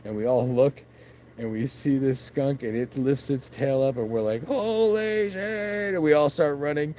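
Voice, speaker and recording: A man's voice: mid-range voice, fairly even intonation, normal speed, mellow. Guy rambling into his phone outside at night, swears a bunch, faint traffic way off. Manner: meandering, swears often, laughs at himself. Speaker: vlogger. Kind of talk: late-night casual rambling. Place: outdoors at night by his backyard shed.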